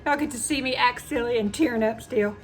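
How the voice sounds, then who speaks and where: A woman's voice: fairly high pitch, fairly quick, soft background music. A woman with a Southern US accent hosting a cooking channel, talking casually and emotionally to her viewers. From Southern United States. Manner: chatty and emotional, says y'all a lot. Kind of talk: casual chat to camera.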